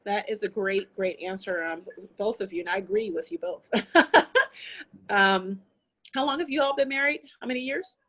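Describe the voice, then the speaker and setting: A woman's voice: mid-range voice, normal speed, a bit bright. A woman hosting an interview, reacting in an enthusiastic, affirming way. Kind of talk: casual interview.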